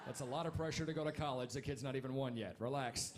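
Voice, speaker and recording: On a club stage, a man in his thirties with a medium-pitched voice performs a stand-up set. He's wry and punchy, tossing quick asides to the crowd.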